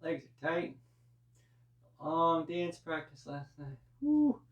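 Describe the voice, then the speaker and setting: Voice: medium pitch, steady tone, slow pace, recorded from a distance, highs cut off. A yoga teacher guiding a live class through breath and poses, with chatty asides. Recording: roomy, voice from off-mic.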